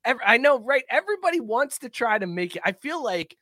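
A man's voice: extremely high pitch, very animated, brisk, sharp tone, no room sound, clean studio sound. A man hosting a casual sports podcast, laughing often and reading out listener comments. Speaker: podcast host.

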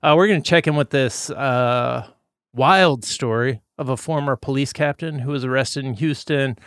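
A man's voice: mid-range voice, normal speed, fairly bright tone, smooth, dry recording, studio quality. A man co-hosting a casual comedy podcast, laughing easily and playfully quizzing his guest. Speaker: podcast co-host.

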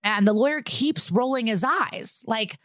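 A woman's voice: on the high side, unhurried, no echo. Brief: woman podcast host recapping TV, frank and swearing, dry close sound. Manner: chatty, profane, animated retelling. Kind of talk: casual episode recap.

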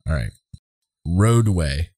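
Deadpan man hosting a podcast game. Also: low-pitched, takes it slowly, slightly rough, no echo. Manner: deadpan, reads clues flatly. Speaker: podcast co-host running a game. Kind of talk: casual podcast chat.

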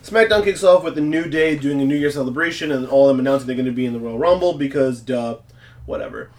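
A man's voice: medium pitch, fast talker. A man hosting a casual wrestling recap, joking and laughing often. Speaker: podcast host.

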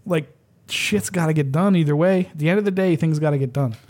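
A man's voice: fairly high pitch, brisk, a little mellow. A man who is a pipe major, talking casually and bluntly with frequent swearing. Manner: blunt, profane, laid-back. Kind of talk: casual podcast chat.

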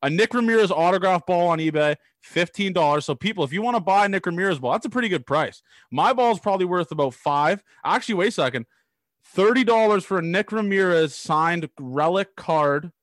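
A man's voice: sits high, brisk, no echo. A young man from Canada hosting a casual interview, telling wild stories with energy and swearing casually. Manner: animated storyteller, swears casually. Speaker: podcast host.

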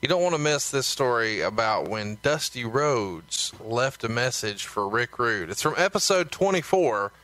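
A male podcast host talking excitedly and plugging his show. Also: medium pitch, unhurried, few pauses. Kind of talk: casual podcast hosting.

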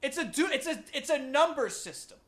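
A man co-hosting a comedy podcast, trading crude jokes in loose, casual banter. His voice has a bright, sharp edge. His pitch swings widely as he riffs and laughs. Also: lively intonation, fairly quick. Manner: crude, riffing, laughs often. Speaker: podcast co-host.

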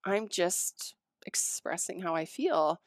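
A woman talking casually as a podcast co-host, excitable and animated as she tells stories. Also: on the low side, slow, in a whisper. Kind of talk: casual chat.

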